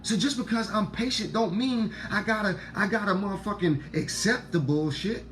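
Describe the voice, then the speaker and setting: With faint music behind him, a deep-voiced man with a Black way of talking, working as an online talk host, preaches casually to viewers at a moderate pace. Repeated lines for emphasis, free swearing, and shifts from loud outbursts to low murmurs mark his delivery.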